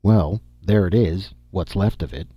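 A man voicing a blunt, impatient male explorer in a storybook reading, with a husky voice. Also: low-pitched, a little slow, mellow, no room sound, studio quality. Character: tall blond man, gruff and impatient.

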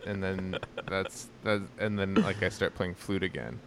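A man's voice: low-pitched, unhurried, hardly any pauses, a little hiss or hum. A man co-hosting a podcast, chatting casually in a rambling, hesitant way full of restarts and fillers. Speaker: podcast co-host. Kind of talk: casual chat.

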